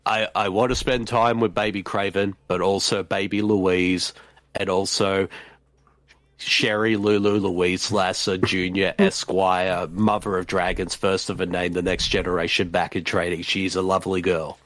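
A man's voice: level tone, a little slow, a bit bright, no echo. A podcast host putting on a comic Russian accent to play a boastful, rambling grandfather who loves vodka. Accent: put-on Russian. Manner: rambling, lowered voice, mock-grand. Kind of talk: comedic improv bit.

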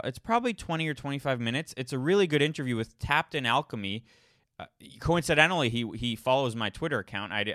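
A man's voice: medium pitch, sharp tone, no echo, studio quality. A man hosting his own podcast, talking casually in a rambling way, often restarting and repeating words. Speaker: podcast host. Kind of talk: casual solo monologue.

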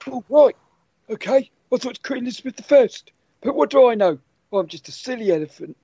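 A man's voice: very high voice, animated, fairly quick, dark tone, breathy edge, no room sound, heavily acted. A man doing a goofy silly elephant. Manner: rambling, goofy. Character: silly male elephant quiz host. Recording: dull dry lo-fi sound.

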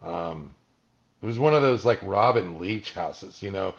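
A man's voice: medium pitch, a little slow, vocal fry, lo-fi sound. A man guest on an interview, casually telling stories and acting out the voices of people he quotes. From Malibu, California. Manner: animated storyteller, acts out quoted voices.

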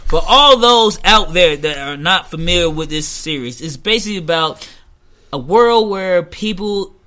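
A man in his thirties hosting a podcast in loud, animated casual chat, laughing often and swearing freely. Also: sits high, normal speed. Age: 30s. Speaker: podcast host.

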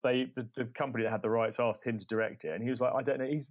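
A man who writes comedy, a podcast guest telling stories in casual chat, animated and full of quick restarts. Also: medium pitch.

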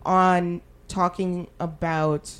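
A woman's voice: fairly low pitch, level tone, very slow, smooth. A young adult woman from Canada, co-hosting a podcast in casual chat, candid and emphatic with casual swearing. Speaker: podcast co-host.

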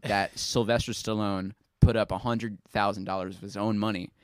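A man co-hosting a podcast, telling behind-the-scenes movie trivia in a relaxed way with some fillers. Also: lowish voice, moderate pace, no room sound, clean studio sound. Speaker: podcast co-host. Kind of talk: casual movie chat.

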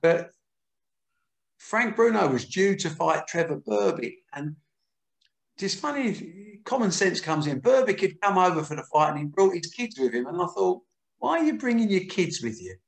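Candid older promoter telling stories. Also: male voice, on the high side, expressive, moderate pace, creaky, reverberant. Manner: candid, earthy, acts out quotes. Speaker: boxing promoter. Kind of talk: anecdotal interview storytelling.

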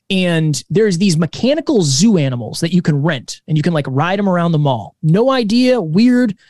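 A man in his twenties, a podcast co-host, telling stories in a casual, energetic interview. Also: high-pitched, dry recording, studio quality. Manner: energetic, animated storytelling.

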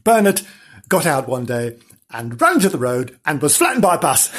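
Giggly, husky storyteller with lively intonation. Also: medium pitch, takes it slowly, pauses often. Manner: playful asides, giggles and mock apologies to children. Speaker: podcast storyteller. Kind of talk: comic reading of a children's story.

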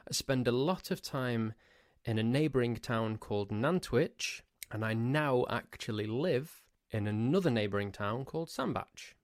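A man's voice: medium pitch, expressive, unhurried, no room sound, clean studio sound. A man from Cheshire with an English accent, hosting a solo podcast in a rambling, pedantic chatty way. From Cheshire, England. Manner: rambling, pedantic, ranting asides. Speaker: podcast host. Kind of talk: casual solo podcast monologue.

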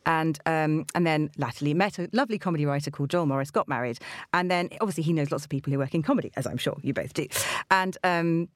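A woman's voice: low voice, fast, no echo, clean studio sound. A woman hosting a podcast in casual chat, enthusiastic and gushing, often laughing as she talks. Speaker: podcast host.

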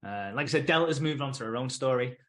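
A man's voice: mid-range voice, fast, fairly bright tone. A British man co-hosting a podcast, dryly recapping scenes in casual chat. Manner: dry recapping, retells scenes with quoted voices. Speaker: podcast co-host.

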